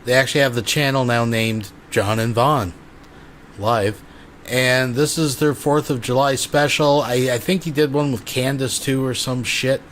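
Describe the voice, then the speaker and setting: A man with a mid-pitched voice introduces a replayed stream, dry and sarcastic in an offhand way. A faint hiss sits under his voice. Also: normal speed, a bit bright. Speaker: commentary channel host. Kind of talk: commentary over a replayed stream.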